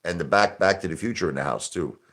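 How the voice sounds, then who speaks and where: A man's voice: deep voice, expressive, fast talker, fairly bright tone. A man hosting a live stream, ranting in a brash, combative way and repeating himself for emphasis. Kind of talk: casual live-stream rant.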